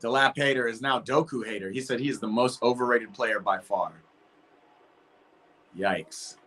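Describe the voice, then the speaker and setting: Young male streamer, mid-pitched, casual, lively match reactions. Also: moderate pace. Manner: animated, chatty, reacting to the match and chat. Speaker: host of a match watch party stream. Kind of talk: casual live reaction chat.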